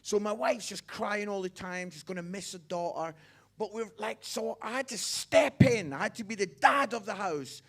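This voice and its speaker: A middle-aged man, a pastor telling a personal story in a sermon, animated and chatty, often checking in with his listeners. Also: sits high.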